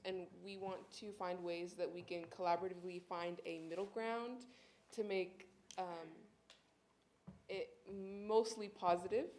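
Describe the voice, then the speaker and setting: Woman on a student panel, lower voice, thinking it through out loud. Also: a little hiss or hum. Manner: reflective, long searching sentences. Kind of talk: meeting discussion.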